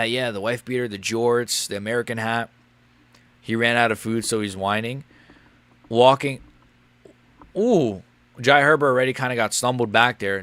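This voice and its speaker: A young man live-streaming a fight watch-along, rambling and crude, quick to get loud. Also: mid-range voice, no room sound.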